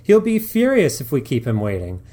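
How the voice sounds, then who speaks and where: A man voicing a pompous, fussy middle-aged male psychiatrist who makes rapid, flustered excuses. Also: medium pitch, wildly swooping pitch, warm tone.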